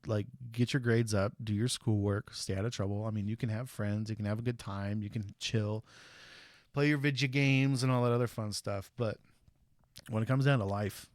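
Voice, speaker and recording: Brief: man in his 30s, casual stream host, lively storyteller who acts out quotes, dry close sound. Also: fairly low pitch, normal speed, no echo. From USA.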